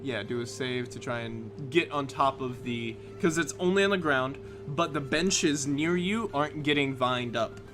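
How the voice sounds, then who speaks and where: A man's voice: medium pitch, moderate pace, few pauses, music in the background. Man narrating as game master. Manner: loose, filler-heavy narration.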